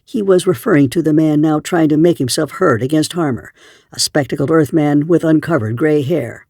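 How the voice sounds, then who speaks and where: A man narrating an audiobook in a steady storytelling voice. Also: fairly high pitch, normal speed, vocal fry, no room sound, studio quality. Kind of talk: scripted narration.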